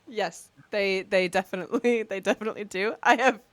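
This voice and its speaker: A woman's voice: mid-range voice, fairly quick. A woman co-hosting a podcast, telling stories in casual chat and laughing often as she talks. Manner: laughing storyteller, animated and expressive. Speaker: podcast co-host.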